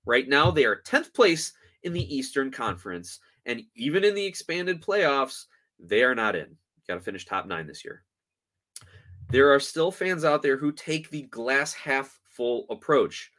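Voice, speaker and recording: A man's voice: mid-range voice, a bit bright. A man hosting a sports podcast, ranting in a frustrated, sarcastic and emphatic way. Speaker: podcast host.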